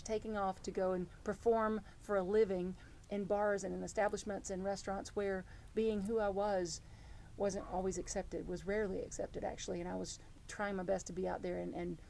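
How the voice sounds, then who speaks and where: A middle-aged woman preaching a sermon as reverend, telling stories in an earnest, animated way. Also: mid-range voice, a little hiss or hum. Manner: storytelling, earnest and animated, with many restarts.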